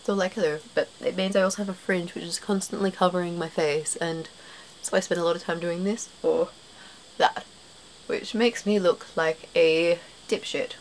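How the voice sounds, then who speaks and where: Chatty low-voiced young Australian woman. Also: fairly even intonation, normal speed, slight background noise, low-quality recording. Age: young adult. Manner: chatty, rambling, self-deprecating, frequent fillers. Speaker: vlogger. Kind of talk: casual chat to camera.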